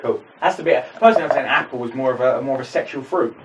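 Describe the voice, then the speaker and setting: A man's voice: mid-range voice, quick pace, background noise. A young man co-hosting a casual podcast, rambling and wry, swearing casually. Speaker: podcast co-host. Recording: slightly distant mic, faint room ambience.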